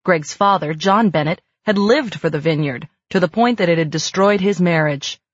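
A woman narrating a novel in an audiobook, in a measured, even storytelling manner. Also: lowish voice, no room sound. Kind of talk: scripted narration. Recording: dry, slightly muffled lo-fi recording.

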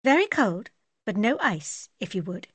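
A woman's voice: medium pitch, sing-song, a little slow, fairly bright tone, no echo, exaggerated voice. Woman doing a reserved English nurse. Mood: polite. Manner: polite, crisp.

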